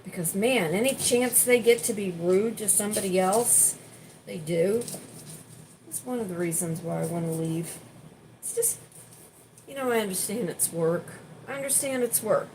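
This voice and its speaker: A chatty woman talks casually as she cooks in a home kitchen, sharing stories and venting. Her voice sits at an ordinary middle pitch. A faint hum of room noise is heard behind her. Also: normal speed, pauses often, a little mellow, poor audio. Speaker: vlogger. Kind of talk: casual chat while cooking.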